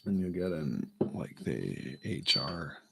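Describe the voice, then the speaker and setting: Gravelly, slow-talking man rambling. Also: deep voice, big pitch swings, fairly bright tone. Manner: halting, self-amused, lots of fillers and restarts. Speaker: vlogger. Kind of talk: rambling comic monologue.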